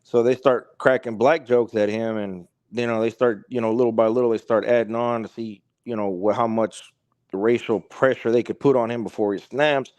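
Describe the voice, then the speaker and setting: A man's voice: medium pitch, steady tone, moderate pace, darkish tone, no echo. A man as a podcast guest, telling a long story in a rambling way, stringing it together with "he's like" and "he goes". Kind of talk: casual storytelling.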